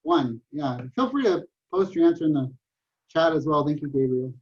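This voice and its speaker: High-voiced joking math professor on a call. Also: male voice, lively intonation, normal speed, a little mellow. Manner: joking, storytelling, chatty with restarts. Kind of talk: online class lecture. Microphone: computer mic on a video call. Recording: dull lo-fi online class audio.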